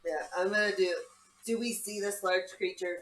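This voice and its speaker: A woman's voice: mid-range voice, fairly even intonation, moderate pace. Hesitant woman gamer asking questions. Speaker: player. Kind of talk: casual chat at a game table.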